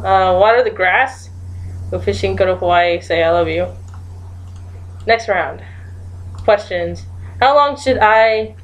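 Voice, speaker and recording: A woman casually commenting as she plays a guessing game, giggling and thinking aloud while she types her guesses. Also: mid-range voice. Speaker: gaming YouTuber.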